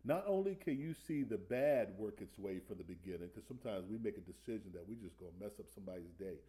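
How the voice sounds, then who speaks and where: Mellow-voiced preacher man. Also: fairly low pitch, expressive. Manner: conversational preaching with call-and-response questions; slows down to stress scripture. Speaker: preacher teaching Sunday school. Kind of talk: sermon.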